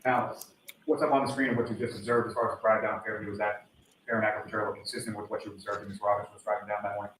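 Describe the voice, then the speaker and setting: A man working as a trial attorney, questioning a witness in court with quick questions and frequent fillers. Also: lowish voice, level tone, fairly bright tone. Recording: echoey courtroom audio with faint noise.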